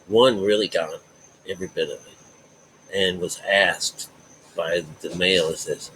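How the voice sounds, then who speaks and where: A man's voice: low-pitched, steady tone, measured pace, bright, forceful tone, slight background noise, rough recording. A man teaching about the Bible in a rambling way, circling back to repeat his points and leaning hard on key words. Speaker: self-taught Bible teacher.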